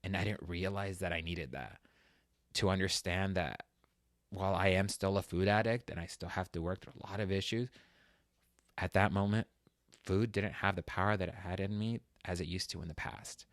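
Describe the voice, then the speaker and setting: A man with a low voice tells a candid, emotional personal story as the host of a fitness talk show. He is recorded close up in a dry space. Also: normal speed, no echo. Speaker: podcast host. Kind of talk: personal monologue.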